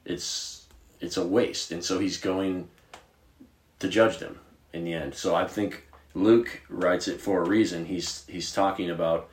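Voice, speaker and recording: Man, very low voice, casual podcast co-host, storytelling, roomy echo. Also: measured pace. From Virginia. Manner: conversational, animated storytelling with filler words. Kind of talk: casual Bible discussion.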